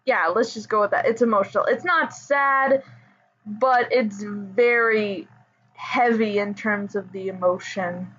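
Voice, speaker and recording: A woman chatting casually as a pop music fan, rambling with fillers and soft laughs. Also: mid-range voice, a little slow. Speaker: idol fan commentator. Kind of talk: casual chat. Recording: dull lo-fi audio.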